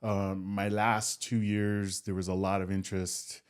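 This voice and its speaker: A man's voice: deep voice, level tone, unhurried, clear, resonant tone. Hesitant man on a podcast. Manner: hesitant, repeats words, agreeable. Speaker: podcast co-host, former football player. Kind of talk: casual podcast chat. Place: studio.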